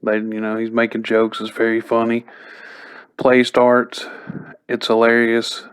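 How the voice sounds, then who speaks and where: A man's voice: mid-range voice, completely flat delivery, measured pace, clear, resonant tone. A man giving a casual spoken recap as a TV episode reviewer, chatty and loose, with lots of "like" and "you know".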